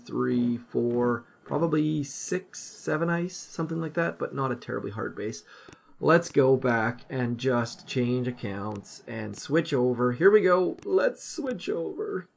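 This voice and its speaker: A man commentating over his own mobile strategy gameplay, rambling casually and mocking his own mistakes, with sudden excited outbursts. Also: medium pitch, creaky, a little hiss or hum. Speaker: gaming commentator.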